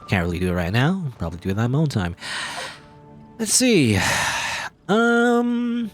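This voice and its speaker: A male game streamer who chats in a playful, jokey way, with a voice that rises and falls a lot. He reads the game's text aloud between his own remarks. His pitch sits in an ordinary middle range. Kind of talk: gaming livestream commentary.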